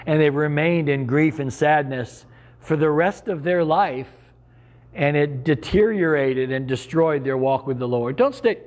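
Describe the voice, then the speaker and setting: A man's voice: a little high, measured pace, a little mellow. A middle-aged man preaching a sermon as pastor, earnest and conversational, with sudden emphatic rises.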